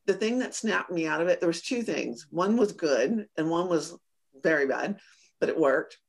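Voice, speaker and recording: A woman business coach telling a personal story in a casual interview, animated and often acting out her own remarks with laughs. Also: on the low side, normal speed, creaky. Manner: animated, acts out quoted lines with laughs.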